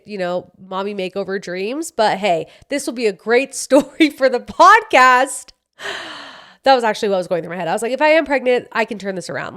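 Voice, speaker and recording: Chatty young woman telling a story. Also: medium pitch. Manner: animated, acts out dialogue, swears casually. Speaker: podcast host. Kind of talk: casual storytelling chat.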